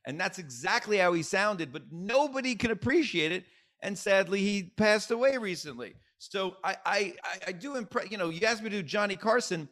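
Animated male comedian on a podcast. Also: high voice, moderate pace. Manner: animated, jumps into bits, restarts. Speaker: comedian guest. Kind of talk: casual podcast chat.

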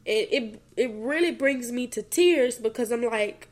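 A woman's voice: a little high, unhurried, few pauses. A young woman hosting a faith podcast, talking earnestly and tearfully to her listeners in a casual conversational way. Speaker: podcast host. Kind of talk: personal faith reflection.

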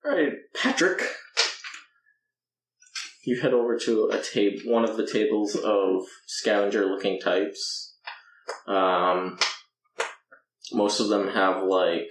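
Low slow guy running a tabletop game, lots of ums, echoey room, kinda far from the mic. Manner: laid-back, halting with fillers. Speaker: game master.

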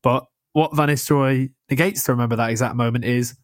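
A man's voice: medium pitch, fairly even intonation, no echo, clean studio sound. Passionate young man talking football. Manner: passionate, rapid, many restarts. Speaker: podcast co-host. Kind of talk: casual football chat.

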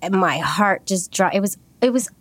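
A woman's voice: mid-range voice, animated, normal speed, dry recording. A woman telling a personal story in casual chat, candid and rambling, with many fillers and restarts.

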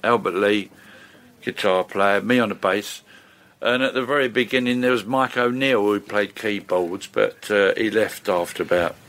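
An older man, a session bass player chatting and rambling through stories as an interview guest. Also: moderate pace, fairly bright tone. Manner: chatty, rambling, lots of fillers and restarts. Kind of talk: casual storytelling interview.

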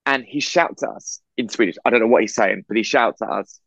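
A man from England, co-hosting a podcast, telling a story in a casual, animated way over a video call. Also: fairly low pitch, fairly quick, vocal fry, dry recording, lo-fi sound. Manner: animated storyteller, acts out quoted voices. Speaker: podcast co-host.

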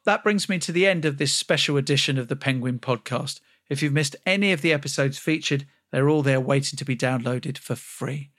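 A man's voice: mid-range voice, a bit bright, dry recording, clean studio sound. A male podcast host who interviews and wraps up the show, with an enthusiastic, playful manner. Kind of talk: interview and outro.

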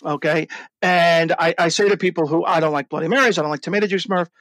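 An excitable man with a high voice, recorded dry and close, tells his story as an interview guest. He trips over his words and restarts often, then pushes on with enthusiasm. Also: quick pace, dry recording. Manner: excited, with many stumbles and restarts. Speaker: guest, drink brand founder. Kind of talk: animated storytelling in a podcast interview.

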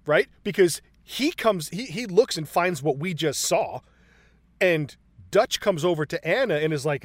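A man's voice: a little high, expressive, normal speed, no room sound. A man casually and profanely retelling movie scenes, acting out the characters' lines.

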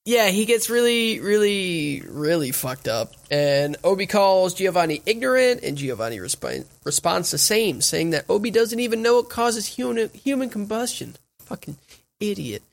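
A man's voice: sits high, big pitch swings, moderate pace, gravelly. A man hosting a casual podcast, recapping episodes with crude, laid-back jokes.

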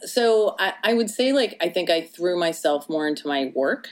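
A woman in her thirties with a lowish voice tells personal stories in a relaxed podcast chat. She is candid and wry, dropping dry jokes into serious moments. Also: moderate pace. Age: 30s. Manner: candid, wry storytelling with laughs. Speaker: guest. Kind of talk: casual podcast conversation.

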